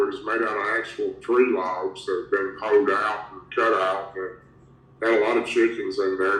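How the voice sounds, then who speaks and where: Man, drawl, rambling storyteller, low voice, roomy echo. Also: a bit bright. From Tennessee, USA. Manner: rambling, strings events together with "and". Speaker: guest recounting a creature encounter. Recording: roomy, distant from the mic.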